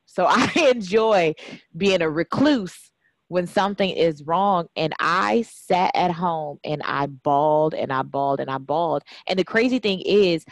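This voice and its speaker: A woman hosting a podcast, talking in a heartfelt and expressive way with laughs and sudden rises in pitch. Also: no room sound, low-quality recording. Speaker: podcast host. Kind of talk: emotional casual conversation.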